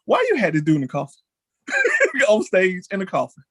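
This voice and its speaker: A man hosting a casual celebrity chat show, talking in an animated way and leaping high in pitch when excited. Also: normal speed, slightly rough. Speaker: show host.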